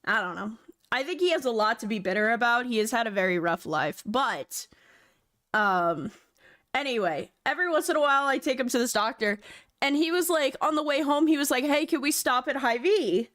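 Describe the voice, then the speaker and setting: A woman's voice: on the high side, lively intonation, moderate pace, a bit bright. A young woman live-streaming, chatting loosely with her viewers, rambling and swearing casually into a desk mic.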